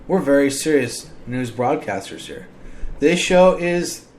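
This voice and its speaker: A man's voice: medium pitch, animated, unhurried, slight background noise. An American man hosting his own podcast, talking in a blunt, exasperated and profane ranting monologue. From United States. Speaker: podcast host.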